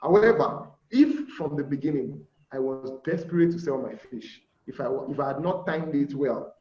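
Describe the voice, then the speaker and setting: A man's voice: on the high side, normal speed. A Nigerian man teaching an informal online class on fish farming, chatty, checking in with listeners and acting out bargaining with buyers. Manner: conversational, checks in often with "all right?", acts out buyer dialogues. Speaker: aquaculture instructor. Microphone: video call. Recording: muffled, echoey call audio.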